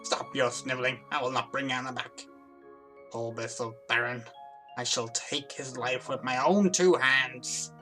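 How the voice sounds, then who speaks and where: A woman voicing a furious old man, a grieving father who shouts harshly. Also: a bass voice, fairly even intonation, measured pace, soft background music, exaggerated voice. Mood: bitter.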